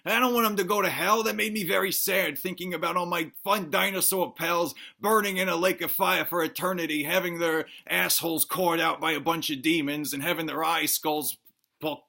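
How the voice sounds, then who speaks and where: A man's voice: high voice, creaky, pushed and bright. A man narrating a made-up movie in a rambling, crude, mock-earnest comic style. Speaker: comedy host.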